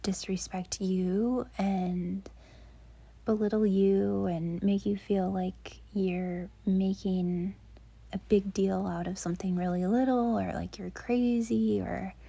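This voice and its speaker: A young woman giving dating advice in a soft, gentle whisper, rambling with frequent fillers as she talks. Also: mid-range voice, fairly even intonation, slow pace, vocal fry, slightly rough.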